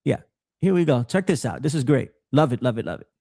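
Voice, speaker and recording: A man hosting a podcast, giving casual political commentary in an animated way with frequent stammered restarts. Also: mid-range voice, quick pace, creaky, breathy edge, no echo, clean studio sound. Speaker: podcast host.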